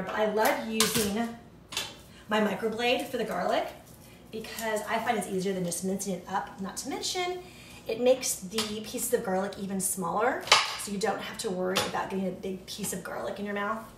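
A woman with a medium-pitched voice hosts a cooking show from her home kitchen, chatting casually with viewers and talking them through each step at a moderate pace. The recording is echoey and has background noise, with a distant mic and clattering dishes.

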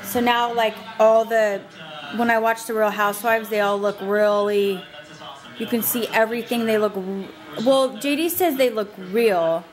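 A woman's voice: medium pitch, steady tone, a little slow, music in the background. A young adult woman chatting casually in a home vlog, laughing often and coaxing her pets. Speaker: vlogger.

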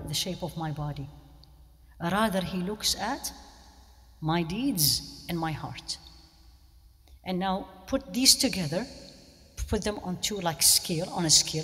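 A woman's voice: mid-range voice, fairly bright tone. A woman giving an interactive religious lecture, often asking questions of her listeners. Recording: long hall reverb.

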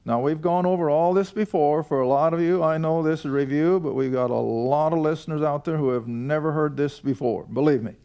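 A man's voice: fairly high pitch, a little fast, hardly any pauses, mellow, smooth. An older man teaching a Bible study to a seated class, reading verses aloud and putting folksy questions to the listeners. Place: room with a studio audience.

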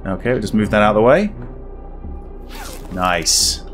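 A man's voice: fairly low pitch, animated, a little slow, fairly bright tone, soft background music. A man giving casual, wry commentary while playing a horror game, thinking aloud. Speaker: gaming video creator.

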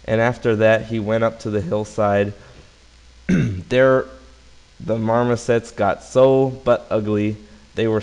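A man reads a silly fill-in-the-blank fairy tale in a casual storybook manner. His voice sits fairly low, and he reads at an unhurried, slow pace. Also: a little mellow, low-quality recording.

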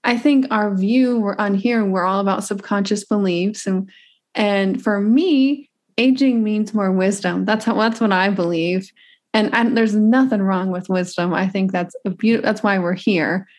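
Woman, 30s, upbeat chatty host, average pitch, trips over her words a bit. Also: fairly even intonation, measured pace, a little mellow. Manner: upbeat, chatty, stumbles and restarts. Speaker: podcast host. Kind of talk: casual interview chat.

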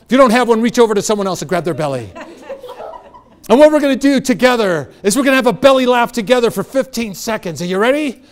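A middle-aged man, a motivational speaker, giving an energetic, joking talk to a live audience and leading it in exercises. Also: very high voice, fast talker.

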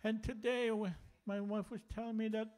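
A man's voice: high-pitched, level tone, moderate pace, a little mellow, smooth. A man serving as pastor who leads prayer during a sermon, earnest and prayerful.

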